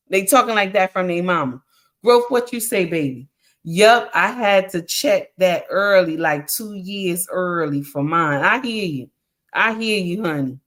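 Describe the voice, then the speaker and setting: A woman hosting a casual livestream on relationships, speaking in an animated, preachy way, often calling listeners honey and answering chat comments. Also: mid-range voice. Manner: reacts to chat comments while talking. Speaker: livestream relationship advice host.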